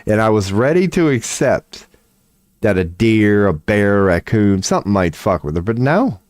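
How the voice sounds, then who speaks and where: A man's voice: fairly low pitch, very animated, normal speed, darkish tone, no echo, clean studio sound. A man, rambling casually on a stream at home, profane and self-mocking. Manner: profane, laid-back, self-mocking with frequent laughs.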